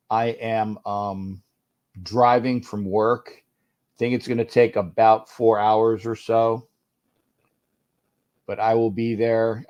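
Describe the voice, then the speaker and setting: A man's voice: on the low side, darkish tone. A man hosting a casual livestream from home, grumbling and irritated, often repeating and restarting his phrases. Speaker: livestream host.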